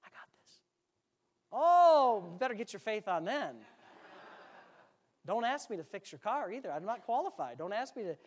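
A man's voice: high-pitched, big pitch swings, moderate pace. Joking, conversational male pastor preaching. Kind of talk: sermon. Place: church sanctuary.

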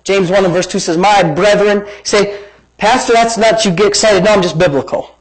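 A man pastor preaching in a lively, conversational style. His voice sits high for a man, and he mixes excited exclamations with joking asides. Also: normal speed, husky, low-quality recording. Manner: animated, conversational preaching with playful jabs. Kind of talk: sermon.

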